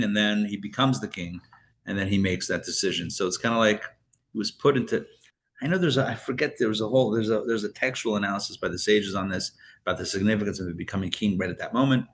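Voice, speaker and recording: A man's voice: fairly low pitch, fairly bright tone. A man teaching a live Torah class as a rabbi, chatty and full of fillers and restarts, with joking asides.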